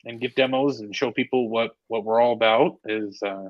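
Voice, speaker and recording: Podcast guest, a man on a remote line; hesitant and halting, mid pitch, dull and dry sound. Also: steady tone, no echo. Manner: hesitant, many filler pauses. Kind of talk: casual podcast chat. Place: hotel room.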